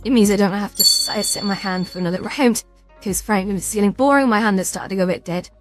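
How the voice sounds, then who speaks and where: A woman's voice: medium pitch, fast, over music. A young British woman streaming a quiz game, chatting casually, reading questions aloud and stumbling over hard words with a self-mocking, swearing manner.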